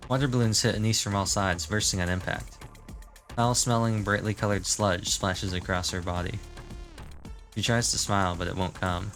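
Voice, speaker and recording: A man's voice: on the low side, fairly even intonation, normal speed, fairly bright tone, soft background music. A man streaming his reaction to a game, musing casually and reading the story text aloud.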